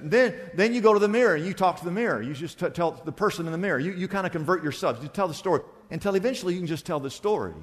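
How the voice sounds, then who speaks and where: A man preaching a sermon as pastor, acting out little conversations and swinging between loud and soft. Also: on the high side, long reverb tail. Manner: animated preaching, acts out little dialogues with shifts of loudness.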